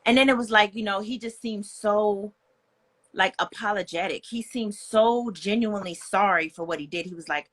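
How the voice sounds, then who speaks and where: A woman's voice: medium pitch, moderate pace, fairly bright tone. A young woman, speaking as a guest in a candid, personal storytelling style, earnest and frank, with plenty of "like" and "you know".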